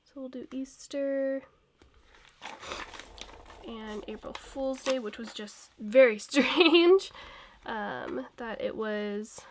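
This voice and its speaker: Young woman vlogger, fairly high voice, sick with a cold, rambling and laughing casually. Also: slow pace, long pauses, a little hiss or hum. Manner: chatty and rambling, laughs often. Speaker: planner vlogger. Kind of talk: casual plan-with-me chat.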